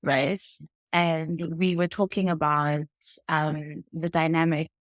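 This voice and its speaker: A woman co-hosting a casual chat, relaxed, steering the talk with quick asides. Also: deep voice, dry recording, clean studio sound. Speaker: podcast co-host.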